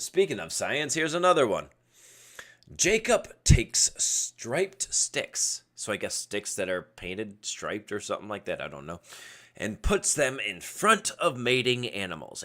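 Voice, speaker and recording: Low-voiced, rambling man podcasting. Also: very animated, normal speed, bright, forceful tone. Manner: rambling, goes off on tangents. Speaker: podcast host. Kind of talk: casual solo livestream podcast. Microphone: webcam setup at a computer.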